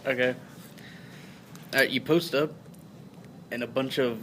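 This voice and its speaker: A man's voice: medium pitch, steady tone, a little slow, long pauses, background noise. A man narrating as game master in a tabletop game, rambling and often breaking into laughter. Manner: giggly, rambling, stumbles over words.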